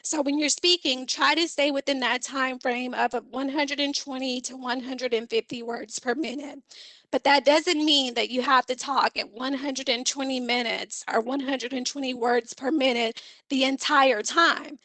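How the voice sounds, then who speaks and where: A woman teaching an online seminar on speaking skills, her voice pitched high. She explains each point in a clear, instructive way and acts out short vocal examples. The sound is dry and close, picked up by a computer mic on a video call. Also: steady tone, normal speed, bright, forceful tone, no room sound, rough recording. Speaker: communication instructor.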